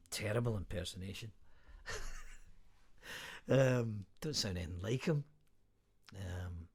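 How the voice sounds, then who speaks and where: A man's voice: lowish voice, a little mellow, breathy edge. Rambling middle-aged man. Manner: rambling, halting, self-mocking. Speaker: singer-songwriter. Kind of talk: casual chat between songs. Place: home during lockdown.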